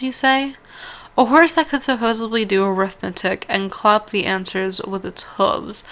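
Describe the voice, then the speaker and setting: A woman with a bright, clear-toned voice reads an interactive story game aloud. She trips over longer words, restarts her lines and slips in casual asides between passages. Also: medium pitch. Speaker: let's-play host.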